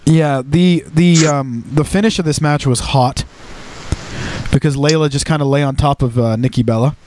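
A man co-hosting a casual wrestling recap podcast, talking in a rambling, relaxed way with crude jokes. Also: a little high, normal speed, a little hiss or hum. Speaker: podcast co-host.

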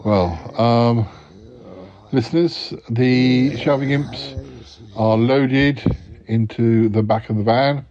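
A man's voice: mid-range voice, slow, darkish tone. A man hosting an improvised comedy podcast, hesitant and polite, often stammering. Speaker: podcast host. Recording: dull lo-fi recording.

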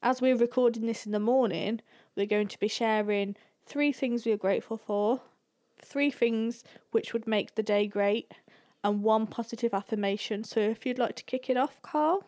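A woman's voice: a little high, moderate pace, a little mellow. A woman co-hosting a podcast, leading a casual chat in an easygoing way. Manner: easygoing, guides the exercise. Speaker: podcast co-host.

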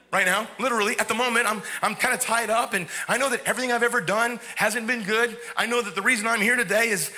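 A preacher voicing a meek pleading thief. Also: male voice, very high voice, sharp tone, full character voice. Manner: hesitant, apologetic, stammering. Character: repentant male thief on a cross, meek and pleading.

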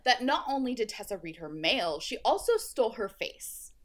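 Animated woman recapping a book. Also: a little high, normal speed. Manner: animated, laughing, profane. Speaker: podcast co-host recapping a book. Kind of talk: casual chat.

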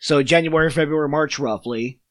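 A man's voice: on the high side, moderate pace, fairly bright tone, no echo. Man with a smoker's voice. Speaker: podcast co-host. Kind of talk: casual gaming chat.

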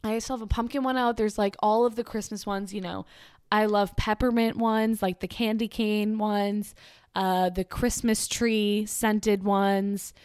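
A woman's voice: mid-range voice, fairly even intonation, a little slow, darkish tone, clear, resonant tone, no echo. A young woman chats through a casual monologue, gushing and full of restarts. Her voice sits in a middle range for a woman. The recording is dry and close, with no room sound. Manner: gushing, chatty, many fillers and restarts.

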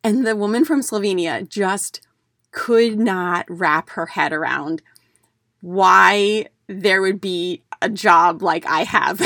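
A woman's voice: on the low side, slow, gravelly, a bit bright, dry recording, clean studio sound. A middle-aged woman from the United States who hosts a podcast, talking casually as a declutter coach in a chatty storytelling way, with fillers and restarts.

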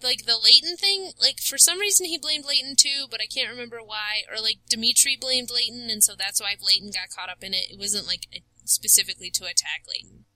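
Bright, dry-voiced woman telling a story. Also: fairly high pitch, fairly quick, hardly any pauses, no room sound, rough recording. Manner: animated storyteller, laughs often, says "like" a lot. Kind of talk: casual chat recapping a video game story.

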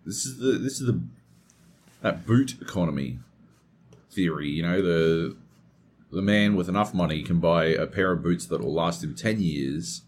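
A man's voice: low voice, moderate pace, slight background noise. A man co-hosting a gaming podcast, chatting casually and telling stories with plenty of swearing. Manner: swears a lot, animated storytelling. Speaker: podcast co-host. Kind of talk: casual chat.

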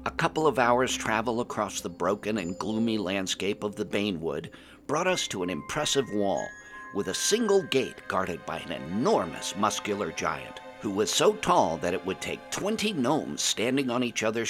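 Deep-voiced male fantasy storyteller. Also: sing-song, moderate pace, over music. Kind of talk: first-person fantasy story narration.

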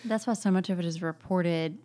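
A woman's voice: lowish voice, steady tone, brisk, warm tone. A woman co-hosting a podcast, chatting casually about a novel's characters. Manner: chatty, acts out quoted characters. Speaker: podcast co-host. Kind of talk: casual book discussion.

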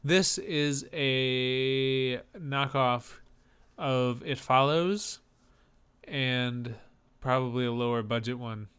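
A man's voice: medium pitch, very slow, a bit bright, clear, resonant tone. A man from the northern United States co-hosting a casual chat about trailers, rambling and enthusiastic with a joking streak. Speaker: podcast co-host.

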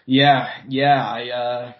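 A man's voice: mid-range voice, little pitch movement, drawn-out words, muffled recording. A man co-hosting a podcast in casual chat, swearing often and repeating words as he thinks. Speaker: podcast co-host. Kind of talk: casual chat about boxing.

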